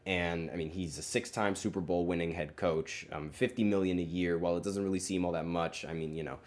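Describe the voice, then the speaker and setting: A man's voice: low-pitched, steady tone, a little fast, a little mellow. A man hosting a sports podcast, talking casually and rambling, with many fillers and self-corrections. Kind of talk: casual solo sports commentary.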